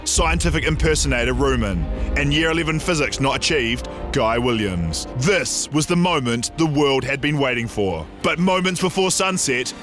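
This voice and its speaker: A man's voice: mid-range voice, expressive, moderate pace. A man presenting a comedy segment, with mock-serious, playful narration and banter. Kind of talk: comic deadpan narration and banter. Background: music.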